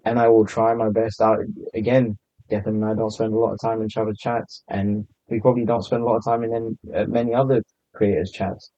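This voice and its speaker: Laid-back low-voiced man, muffled. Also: level tone, a little fast, mellow, dry recording. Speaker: podcast guest, content creator. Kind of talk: casual podcast chat. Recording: slightly muffled lo-fi sound.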